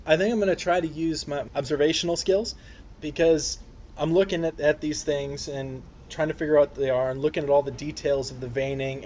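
A man's voice: mid-range voice, darkish tone, a little hiss or hum. A man playing a tabletop game, easygoing and methodical as he reads out his dice, on a dull, slightly muffled mic. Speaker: player. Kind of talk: tabletop play, reading dice rolls.

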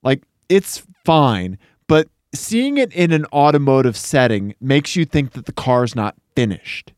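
A relaxed, chatty man co-hosts a casual talk show about cars. His voice sits at a middle pitch, and the room sounds dry and close. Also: no room sound. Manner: relaxed, chatty, quick asides and laughs. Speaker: podcast co-host.

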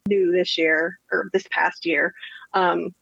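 A woman's voice: lowish voice, steady tone, takes it slowly, gravelly, fairly bright tone, husky, no echo. Woman gabbing in a casual group chat, blunt, says like a lot, muffled lo-fi call sound. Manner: chatty, lots of fillers, blunt, swears. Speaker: podcast panelist.

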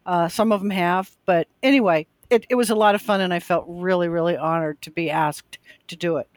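A woman drummer appears as a show guest, chatting casually and telling stories that include quoted back-and-forth exchanges. Her voice is on the low side with fairly even intonation and a brisk pace, in a dry recording.

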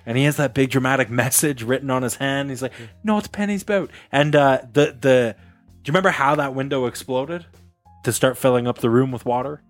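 A man's voice: medium pitch, steady tone, a little fast, dry recording, soft background music. Guy hosting a chatty podcast, laughs a lot, does little voices for people in his story, super dry mic. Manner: rambling, laughing, acts out quotes. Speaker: podcast host. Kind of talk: casual storytelling chat.

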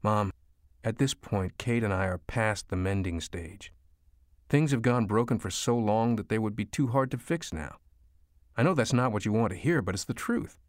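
A man's voice: fairly low pitch, animated, moderate pace, dry recording, clean studio sound, close to an everyday voice. A man voicing a weary, defensive grown son in an audiobook. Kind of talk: audiobook character voice.

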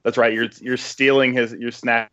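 A man appearing as a film-director guest on a podcast, cracking dry, deadpan jokes. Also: medium pitch, brisk, dry recording. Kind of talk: comedic podcast chat. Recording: dull, dry lo-fi sound.

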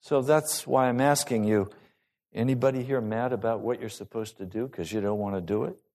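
A male pastor preaching a sermon to his congregation in an animated, rising and falling delivery. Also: mid-range voice, a little fast.

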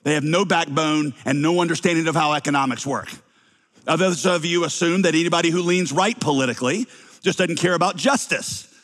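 Wry preacher with a slight Southern accent. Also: male voice, a little high, a little fast, fairly bright tone, long reverb tail. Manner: wry, teasing asides to the congregation. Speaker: pastor. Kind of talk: sermon.

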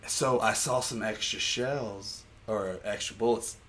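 A man co-hosting a podcast, telling stories loudly with frequent laughter in casual banter. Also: fairly low pitch, unhurried. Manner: loud, laughing, storytelling. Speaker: podcast co-host.

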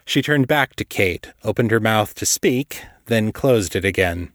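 A man narrates a story in a steady, measured manner. His voice sits low and the recording is dry and close, with no room sound. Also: dry recording. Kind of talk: scripted narration.

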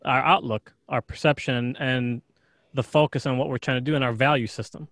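Measured man co-hosting, dry close sound. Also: medium pitch, steady tone, a bit bright, dry recording. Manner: measured, asks long questions with restarts. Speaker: podcast co-host. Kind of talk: casual interview chat.

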